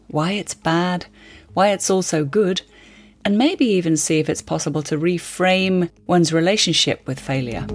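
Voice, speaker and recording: Woman hosting a podcast, low voice, wry chatty narration. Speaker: podcast host. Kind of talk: scripted narration and interview.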